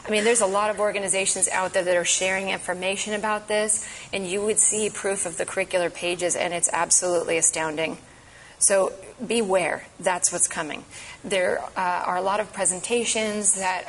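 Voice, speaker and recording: A woman speaks to a church gathering with earnest, urgent emphasis. Her voice sits fairly low for a woman. Faint noise hums behind her. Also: a bit bright, low-quality recording. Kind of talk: impassioned advocacy talk.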